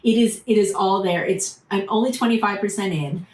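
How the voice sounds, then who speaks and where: A woman chatting casually to her viewers about her reading week, animated and full of restarts. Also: mid-range voice, moderate pace, roomy sound, low-quality recording. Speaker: book vlogger. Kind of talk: casual chat to camera.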